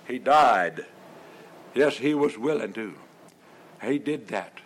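A man preaching a sermon, leaning on repeated refrains, with halting restarts and drawn-out stresses on key words. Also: mid-range voice, expressive, poor audio.

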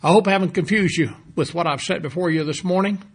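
A man preaching a sermon, emphatic, repeating key phrases and dropping low and soft toward the close. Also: fast talker, slightly rough.

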